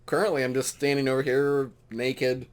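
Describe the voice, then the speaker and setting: A man playing a tabletop game, chatting in a dry, deadpan way. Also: mid-range voice, moderate pace. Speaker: player. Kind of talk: casual game table chat.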